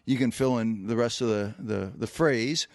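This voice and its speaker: This podcast co-host, a man with a mid-range voice, works through a long anecdote from his own life at a moderate pace. It's casual storytelling with plenty of fillers and restarts, recorded at studio quality with no echo.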